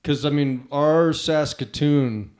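A man's voice: fairly high pitch, slow, darkish tone, a little hiss or hum. Rambling man hosting a casual chat. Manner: loose and rambling, many restarts. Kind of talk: casual conversation.

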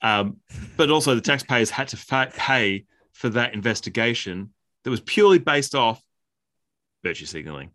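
A man's voice: medium pitch, expressive, normal speed, fairly bright tone. A man making blunt, opinionated points in a casual podcast chat, swearing now and then. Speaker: podcast co-host.

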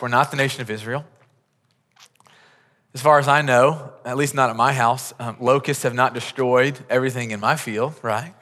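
A man's voice: medium pitch, fairly bright tone. A man preaching a sermon as a pastor, earnest and pleading, often repeating words as he builds a point. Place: large church auditorium. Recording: long hall reverb from the sanctuary.

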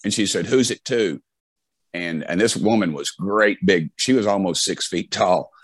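This low-pitched, husky voice belongs to a middle-aged man from Tennessee with a Southern accent, talking at normal speed on a dry recording. As an interview guest, he tells folksy stories in a casual way, restarting often and using lots of fillers.

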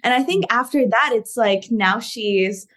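A young woman with an American accent, chatting animatedly and emphatically on a podcast. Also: fairly high pitch. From United States. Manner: animated, emphatic, quick asides. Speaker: podcast co-host. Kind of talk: casual chat.

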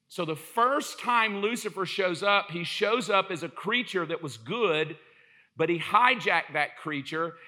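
High, bright-voiced animated preacher. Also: male voice. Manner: animated, joking storyteller who acts out quotes. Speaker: pastor. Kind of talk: sermon.

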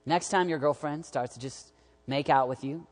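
A man preaching a sermon to young adults, animated and jokey, swinging from loud urging to quiet asides. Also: on the high side, moderate pace. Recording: long hall reverb.

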